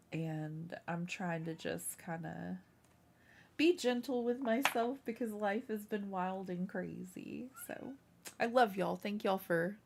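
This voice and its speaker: A woman hosting a casual craft livestream, chatting with viewers and scolding her cat. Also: mid-range voice. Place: home room.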